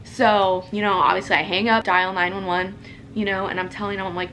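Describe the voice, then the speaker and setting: A woman's voice: mid-range voice, little pitch movement, fairly quick, fairly bright tone, slight background noise. A young woman telling a story from her home in a casual vlog, chatty and full of "like" and "you know". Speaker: social media creator.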